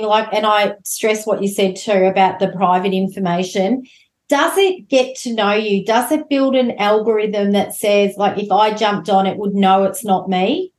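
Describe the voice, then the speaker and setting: A woman's voice: mid-range voice, darkish tone. A woman hosting a casual podcast interview, enthusiastic and friendly, asking loose, rambling questions. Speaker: podcast host. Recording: echoey room.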